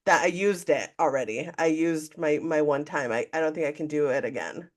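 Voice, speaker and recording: A woman's voice: deep voice, normal speed. A woman co-hosting a podcast, telling a candid story in casual chat and acting out what people said. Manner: candid, animated storytelling, acts out quotes. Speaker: podcast co-host.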